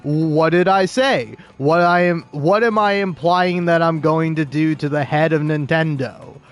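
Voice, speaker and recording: A slow-talking, ranting male streamer. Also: on the high side. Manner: ranting, swearing, theatrical outbursts. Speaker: gaming livestreamer. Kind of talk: livestream commentary.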